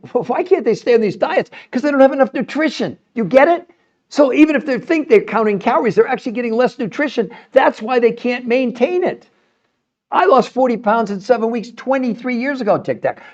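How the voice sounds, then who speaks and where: A middle-aged health show host answers viewer comments on a livestream in a very high-pitched, animated, fairly quick voice, recorded with a muffled sound. Passionate and argumentative, he hammers his point emphatically, repeating words and restarting when fired up.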